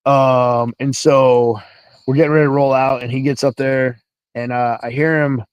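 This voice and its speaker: A man recounts a deployment story in a loose, animated way, swearing freely and acting out both sides of the conversation. His voice sits at an ordinary pitch. The sound is dry and close. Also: moderate pace, clear, resonant tone, dry recording, muffled recording. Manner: animated, profane, acts out dialogue. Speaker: guest, military veteran. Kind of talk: casual storytelling.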